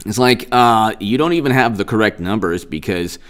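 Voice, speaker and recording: On his political commentary live stream, a man delivers sarcastic, lively remarks and often repeats himself. His voice is lowish, with vocal fry.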